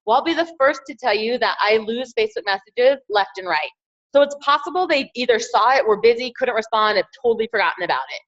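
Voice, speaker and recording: Upbeat encouraging woman coach, bright-pitched. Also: animated, fast talker, lo-fi sound. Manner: upbeat, encouraging, repeats key phrases. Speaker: team trainer. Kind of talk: motivational training talk.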